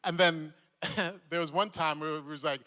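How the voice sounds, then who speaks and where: At a convention panel, an actor who's a guest tells stories in a lively, laughing way, doing the voices of the people he quotes. His voice sits a little high and he talks at a normal pace. The convention hall gives it a long reverb.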